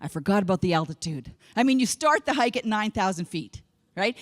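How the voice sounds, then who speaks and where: A woman from Canada giving a humorous keynote speech, an animated storyteller who acts out what people said. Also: on the high side, fairly quick, in a large hall. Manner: animated storyteller acting out quotes. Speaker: keynote speaker. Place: large conference hall.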